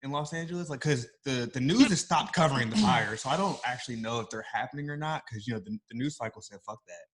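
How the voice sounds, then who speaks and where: A man's voice: medium pitch, animated, quick pace, few pauses, fairly bright tone, breathy edge. A man co-hosting a podcast in casual chat, teasing the others and laughing easily. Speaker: podcast co-host.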